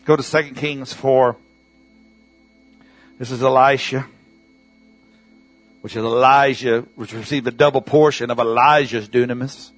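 A man preaching in church with a husky, slightly rough voice, rising to loud bursts and dropping to near whispers as he calls on the congregation to answer. Soft music plays faintly beneath him. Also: mid-range voice, steady tone, unhurried, long pauses, no room sound. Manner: call-and-response preaching, swinging from loud bursts to hushed asides. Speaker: pastor. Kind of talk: sermon.

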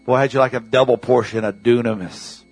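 Husky-voiced man preaching a sermon. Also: medium pitch, fairly even intonation, a little fast, faint music behind. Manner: call-and-response preaching, swinging from loud bursts to hushed asides. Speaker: pastor. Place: church.

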